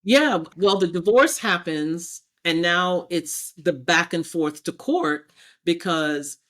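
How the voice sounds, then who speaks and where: A woman's voice: on the low side, takes it slowly. A woman as a podcast guest, telling her personal story and acting out past conversations as she goes. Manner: animated, acts out past exchanges in quotes.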